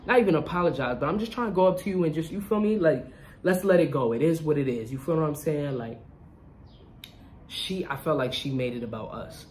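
A young adult vlogger tells a casual storytime in an animated, slangy way, often turning to listeners to check they follow. The voice sits at a middle pitch. A faint hiss runs under the recording. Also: normal speed.

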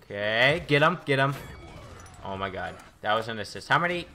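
Excitable man with a bright voice. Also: fairly low pitch, normal speed. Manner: excitable and boastful. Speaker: gaming YouTuber. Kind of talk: live gameplay commentary.

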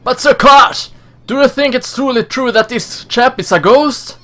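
A man's voice: very high-pitched, a little slow, a bit bright, voice pushed up. A man voicing a fussy, fawning male soldier lackey who speaks with excessive politeness.

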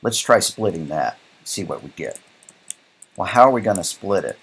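A man's voice: low voice, big pitch swings, moderate pace, a bit bright, husky. A man teaching a programming lecture while coding live, thinking aloud in a casual way and often checking in with "right?". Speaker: programming instructor.

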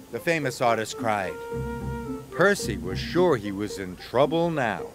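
A man narrating a storybook cartoon in a gentle, expressive, scripted way. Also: fairly high pitch, a little slow. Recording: narration over background music. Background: music.

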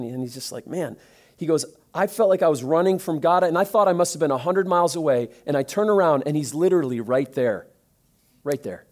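Male pastor, slightly higher voice, conversational sermon storytelling. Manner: conversational storytelling preaching, animated in stories.

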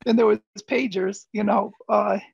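A man from Michigan, a podcast guest, telling his story in a relaxed, rambling way with a gravelly, husky voice. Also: sits high, normal speed, no room sound. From Flint, Michigan. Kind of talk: casual interview storytelling. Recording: dull lo-fi sound.

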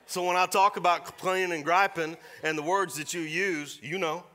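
A middle-aged man preaching a sermon in a church, folksy and storytelling, slipping into quick voiced asides. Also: high voice, fairly even intonation, sharp tone. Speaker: pastor. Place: church sanctuary.

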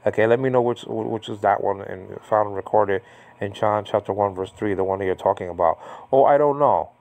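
A man's voice: on the low side, flat delivery, fairly quick, vocal fry, darkish tone. A man giving a casual, unscripted Bible Greek lesson, rambling with frequent restarts and a combative tone.

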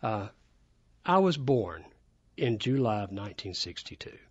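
A man's voice: fairly low pitch, very animated, measured pace, slightly rough, dry recording. A man in his fifties from Alabama with a Southern accent, telling stories as a radio studio guest with enthusiasm. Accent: Southern American. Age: 50s. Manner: enthusiastic, anecdotal. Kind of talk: casual storytelling. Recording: dull, dry studio sound.

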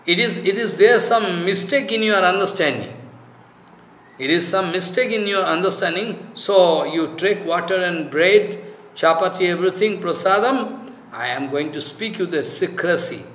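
A man quoting a gentle divine woman. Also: high-pitched. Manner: soothing, urging. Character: gentle divine woman comforting a devotee in a dream. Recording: echoey room.

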